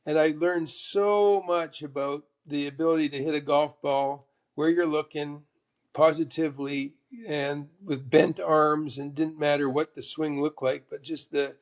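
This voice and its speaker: A man in his sixties, a former tour golfer, chatting as a podcast guest and telling lively stories where he acts out other people's lines. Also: fairly high pitch. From Canada. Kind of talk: casual interview chat.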